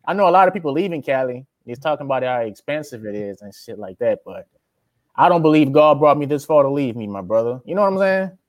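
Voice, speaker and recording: A man's voice: mid-range voice, sing-song, fast talker, dry recording, dull audio. A young man with a Louisiana accent, chatting casually as an interviewee, laid-back and drawling, often calling the listener man or brother. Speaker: interviewee, aspiring rapper.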